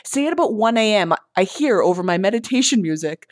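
A woman with a mid-range voice co-hosting a podcast in relaxed chat. She talks chattily and trails off with hesitant asides as she reads a news story aloud. The recording is dry and close. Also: medium pitch, fairly quick, no room sound. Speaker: podcast co-host. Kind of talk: casual chat.

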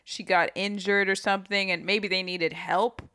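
A woman's voice: medium pitch, steady tone, normal speed, pushed and bright, clear, resonant tone. A woman chatting casually about a film and swearing freely. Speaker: co-host reviewing a film. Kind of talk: casual chat.

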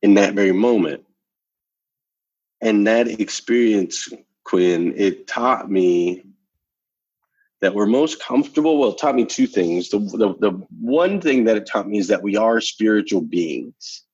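A man's voice: fairly low pitch, lively intonation, a little slow, darkish tone, slightly rough, no room sound, lo-fi sound. A man guest telling a personal story in a casual conversation, emphatic and repeating phrases for effect, ending with a motivational challenge. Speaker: podcast guest.

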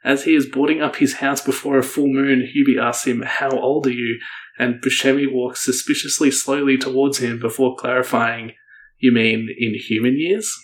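A man co-hosting a casual podcast, reviewing a movie in a chatty, joking way with quick asides. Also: mid-range voice, little pitch movement. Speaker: podcast co-host. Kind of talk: casual chat.

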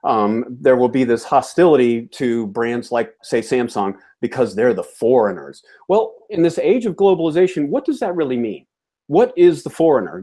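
A man's voice: medium pitch, warm tone. Opinionated man chatting on a show. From Georgia, US South. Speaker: co-host of an appliance repair show. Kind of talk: casual chat.

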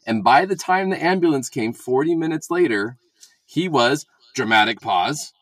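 A man's voice: a little high, animated, moderate pace, no room sound. A man co-hosting a casual podcast chat about church talks, wry and joking, often acting out quotes. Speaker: podcast co-host.

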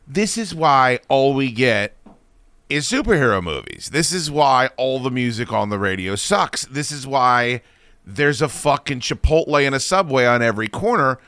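A man's voice: mid-range voice, moderate pace, smooth, no echo. A man hosting a talk show, chatting casually and venting with a lot of swearing. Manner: profane, animated venting. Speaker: radio show host. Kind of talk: casual chat and ranting.

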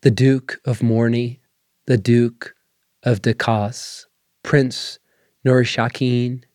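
A man voicing a proud, weary French woman cook, speaking quietly and with dignity. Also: medium pitch, little pitch movement, slow, no echo, clean studio sound, lightly acted. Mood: dignified.

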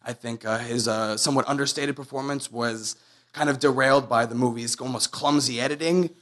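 A man guesting on a comedy podcast, speaking in a deadpan, mock-serious way. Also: medium pitch, a little fast. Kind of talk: casual comedy podcast chat.

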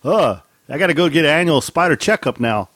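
Animated, profane man telling stories. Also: fairly quick, dry recording. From Mexican heritage. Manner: profane, laughing storyteller with big pitch swings. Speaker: podcast co-host. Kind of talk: casual chat, storytelling.

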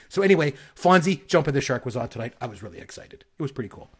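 A middle-aged Canadian man co-hosting a podcast, chatting casually and telling rambling, excitable stories. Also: on the high side, fast talker, hardly any pauses. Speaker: podcast co-host. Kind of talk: casual chat.

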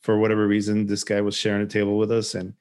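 A man's voice: fairly low pitch, completely flat delivery, quick pace, a little mellow. A man from Chicago co-hosting a casual podcast, telling loose stories with the odd swear. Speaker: podcast co-host. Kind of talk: casual chat.

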